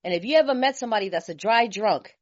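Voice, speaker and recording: A woman from California speaking at a recovery meeting, telling her story in a lively, colloquial way and laughing often. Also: mid-range voice, fast talker. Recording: slightly muffled lo-fi recording.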